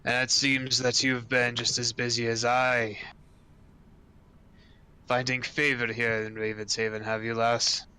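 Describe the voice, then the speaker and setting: Grave old dwarf, played by a man at a game table; clear bright tone, slow level delivery. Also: medium pitch, flat delivery. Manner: calls others lad and lass, slow and deliberate. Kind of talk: tabletop role-play voicing a character.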